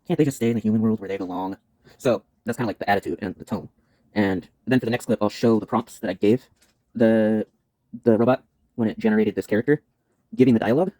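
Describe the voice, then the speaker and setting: A man's voice: on the low side, dark tone, dry recording, low-quality recording. A man explaining things casually on a vlog, rambling and self-interrupting, with many fillers. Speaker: YouTuber.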